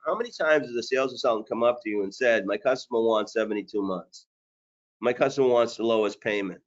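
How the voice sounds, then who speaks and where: A man's voice: medium pitch, lo-fi sound. A man coaching sales managers on a webinar, blunt and hard-driving, with jokes along the way. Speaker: sales trainer.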